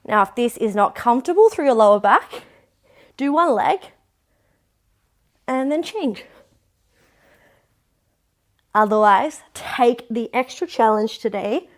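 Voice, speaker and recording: A woman's voice: a little high, lively intonation, slow pace, pauses often. A young woman leading a pilates workout, encouraging and counting down reps. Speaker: pilates instructor. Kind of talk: guided workout instruction.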